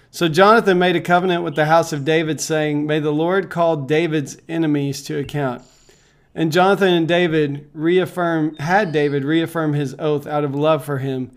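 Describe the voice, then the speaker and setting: Man, devotional bible reading, calm and measured, slightly higher voice. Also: gravelly. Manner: calm, measured, with frequent fillers.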